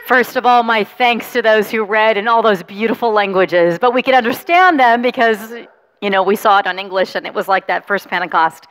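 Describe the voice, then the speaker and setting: A woman pastor reading the gospel, then talking gently with children, coaxing and encouraging them. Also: mid-range voice, fairly quick. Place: large church sanctuary. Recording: long reverb of a church hall.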